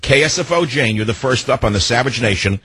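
A man's voice: mid-range voice, animated, brisk, pushed and bright, slightly rough, dry recording. An older man hosting a call-in radio talk show, ranting indignantly and firing off emphatic rhetorical questions.

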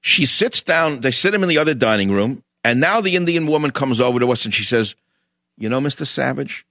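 Bright, animated older man ranting. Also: mid-range voice, brisk, no room sound, muffled recording. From New York. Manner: indignant, mocking, storytelling with mimicked voices. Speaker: radio talk show host. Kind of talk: ranting monologue.

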